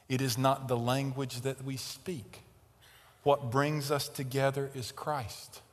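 A man preaching a sermon, telling a story and growing loud and animated in tense moments. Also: mid-range voice, long reverb tail. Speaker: pastor. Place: large tent.

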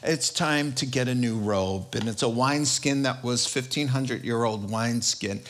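A pastor preaching a sermon, telling a story with frequent laughter. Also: male voice, mid-range voice, normal speed, a bit bright.

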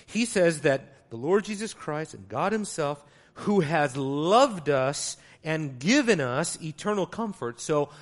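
A man preaching a sermon, teaching from the Greek text, moving between quiet asides and loud, stressed words. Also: on the high side, expressive, slow. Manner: teaching, explains Greek wording.

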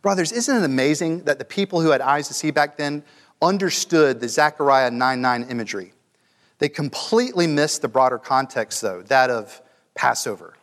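Earnest male preacher in a reverberant hall. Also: medium pitch. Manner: earnest, rising to emphatic peaks, repeats words. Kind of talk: sermon. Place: room with a gathering of men.

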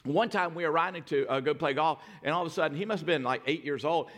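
A middle-aged man pastor delivering a sermon in a big hall with a long echo tail. His voice sits a little high for a man, and he swings from near-whispered storytelling to forceful, emphatic declarations. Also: fast talker. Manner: storytelling, dynamic swings from hushed to loud emphatic.

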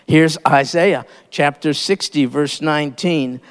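A man with a high voice delivers a sermon at an unhurried pace. He leans on key phrases and repeats them for emphasis, and his voice rings with a long reverb. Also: expressive. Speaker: preacher.

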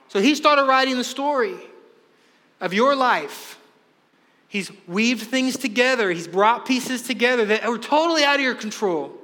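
Male pastor, energetic preaching with quoted voices; bright, sharp tone. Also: high-pitched. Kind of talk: sermon. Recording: long hall reverb.

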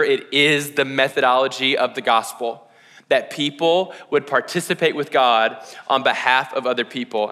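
A young man giving a sermon as a pastor, talking casually with lots of slang, asking "right?" and using many "like"s. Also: medium pitch. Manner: casual, animated, slangy preaching with frequent "like" and "right?". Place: church hall. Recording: reverberant hall.

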